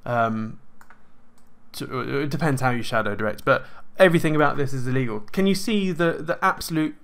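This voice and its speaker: A man's voice: mid-range voice, moderate pace, gravelly, clean tone. A man hosting a casual monologue, asking rhetorical questions and acting out what others would say. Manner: animated, rhetorical questions, acts out quoted voices. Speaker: host.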